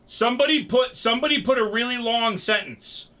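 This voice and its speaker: A man's voice: very high voice, a little fast, bright, forceful tone, a little hiss or hum. A young man, rambling and joking profanely as he chats with his livestream audience. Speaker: streamer. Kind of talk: casual livestream chat.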